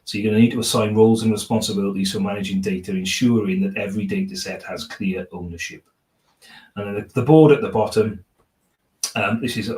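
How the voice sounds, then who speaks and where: Male conference speaker, lowish voice, motivational, tag-question habit, roomy hall sound. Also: distant mic. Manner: peppers sentences with "right?" tag questions; upbeat, motivational delivery. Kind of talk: technical conference presentation. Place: conference room. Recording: roomy conference room echo.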